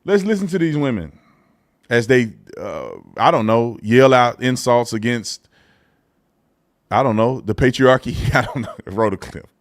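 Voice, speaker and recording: A man's voice: mid-range voice, expressive, a little slow. A man hosting a live commentary show, talking in a blunt, opinionated and mocking way, with loose casual phrasing and frequent restarts. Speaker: show host.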